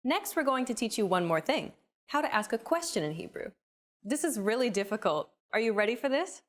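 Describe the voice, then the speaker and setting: Lively upbeat woman teaching a lesson. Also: a little high, brisk. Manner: clear, upbeat, explanatory. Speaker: lesson narrator. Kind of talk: scripted language lesson narration.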